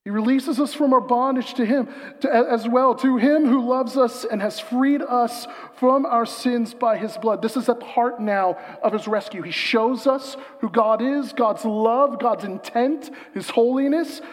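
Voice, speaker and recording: A man preaching a sermon as pastor, emphatic and building to loud peaks, slowing to a hushed, reflective reading. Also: extremely high pitch, long reverb tail.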